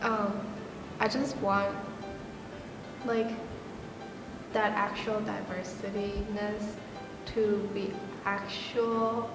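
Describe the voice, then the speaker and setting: A woman's voice: medium pitch, flat delivery, extremely slow, long pauses. A young woman, originally from Korea, giving frank, wry answers in a casual interview. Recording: echoey hall, distant mic, music.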